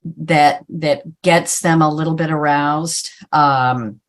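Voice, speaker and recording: Woman dog trainer, slow, hesitant, lower voice, fillers. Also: steady tone. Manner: hesitant, many fillers and restarts. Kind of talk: casual webinar chat.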